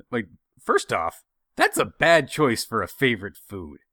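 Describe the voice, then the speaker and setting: A man's voice: medium pitch, unhurried, dry recording, clean studio sound. A man telling a funny family story in casual chat, acting out the voices of the people in it. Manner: animated, acts out quoted voices.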